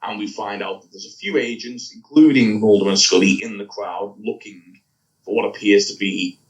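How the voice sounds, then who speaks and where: A lowish-voiced man at a moderate pace co-hosts a podcast, casually wandering through an episode summary while fixing his own errors and laughing when he slips. He's far from the mic, heard through the wrong one.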